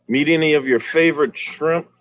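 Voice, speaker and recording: A man's voice: a little high, normal speed, dry recording. A man hosting a casual aquarium livestream, talking in slang and greeting viewers by name.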